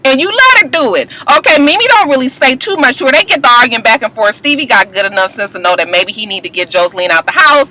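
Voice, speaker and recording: A woman recapping a reality TV episode in a profane, gossipy, animated way. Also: sits high, a little fast, hardly any pauses, heavy background noise. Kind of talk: casual recap vlog.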